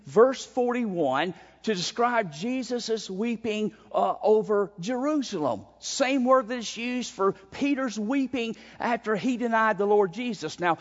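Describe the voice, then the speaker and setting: A man preaching through a Bible passage, his voice sitting high for a man. He presses his points with emphasis and keeps restarting phrases. The sound is a little dull and rings with a long echo, as in a church sanctuary. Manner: emphatic, frequent repeated starts. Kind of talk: expository sermon.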